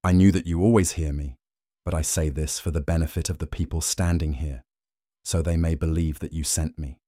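Jesus, a calm solemn teacher, read by a man. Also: a bass voice, a little fast, no room sound, clean studio sound.

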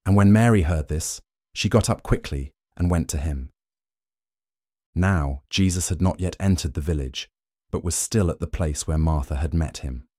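A man narrating scripture in a steady, measured way. His voice is very deep and mellow. It is recorded dry and close, with no room sound. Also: no echo. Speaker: scripture reader.

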